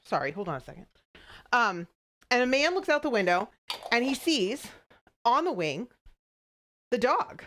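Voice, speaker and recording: A woman's voice: on the high side, sing-song, measured pace, long pauses, a bit bright. A woman streamer telling jokes to her chat in a giggly, rambling way, stopping and restarting often. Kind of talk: casual joke-telling to a live chat.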